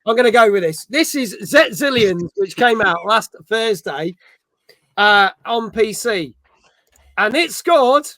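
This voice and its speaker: A middle-aged man with a Birmingham accent runs a gaming chat show in easy, rambling talk, dropping swear words as he goes. His voice sits high for a man. It is recorded close and dry, with no room sound. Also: a little slow, sharp tone, dry recording. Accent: Birmingham English. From England. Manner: chatty, swears freely, laughs at himself. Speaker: podcast host.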